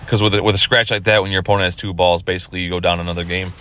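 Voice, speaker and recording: A man's voice: low voice, flat delivery, rapid-fire, pushed and bright, slight background noise. A tired man commenting on his own pool match from his car, rambling and self-critical. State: tired, yawning. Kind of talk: casual video commentary.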